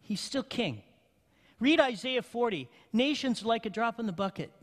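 A male pastor preaching a sermon in a church, with emphatic call-and-response and slow, deliberate phrasing. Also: very high-pitched, expressive, a bit bright. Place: church sanctuary. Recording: long hall reverb.

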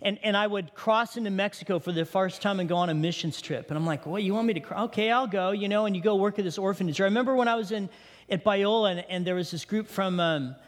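High-voiced man preaching in a reverberant hall. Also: fast talker. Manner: conversational preaching, asks the congregation questions. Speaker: pastor. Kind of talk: sermon. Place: church sanctuary.

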